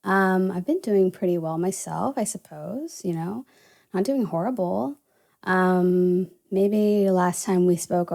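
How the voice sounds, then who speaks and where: A woman's voice: on the low side, creaky, a little mellow. A young woman from the American South, without a Southern accent, hosting a casual solo podcast and rambling with lots of "you know" and "uh". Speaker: podcast host.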